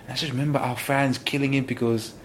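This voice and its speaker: A man, a former footballer, telling stories in an interview, animated and full of exclamations. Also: medium pitch, quick pace, a little hiss or hum. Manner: animated, exclaims often, restarts sentences. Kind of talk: casual interview storytelling.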